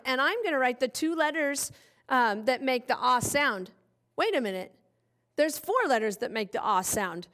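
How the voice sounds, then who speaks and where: A woman's voice: fairly high pitch, fairly bright tone. A woman teaching young children a phonics lesson, cheerfully spelling out letters one by one. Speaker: kindergarten teacher.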